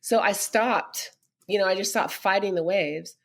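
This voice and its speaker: A middle-aged woman, a podcast guest, telling a personal story earnestly and growing animated when she quotes others. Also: mid-range voice, unhurried, creaky.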